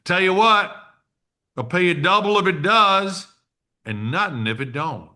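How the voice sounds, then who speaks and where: A man voicing a gruff older male business owner who is sly and teasing, with a folksy drawl. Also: high voice, animated, unhurried, bright, forceful tone, exaggerated voice.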